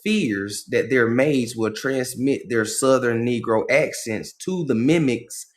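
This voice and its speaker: A man's voice: mid-range voice, takes it slowly, slight background noise. A man hosting a livestream, reading a passage aloud and breaking off to comment in casual slang. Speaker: livestream host.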